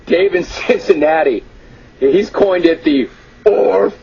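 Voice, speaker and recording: A brash radio talk show host with a slightly high voice, amused and mock-exasperated as he reads listener emails. The sound is dull and lo-fi, like an old radio broadcast. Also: slow, creaky, darkish tone, slightly rough. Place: radio studio.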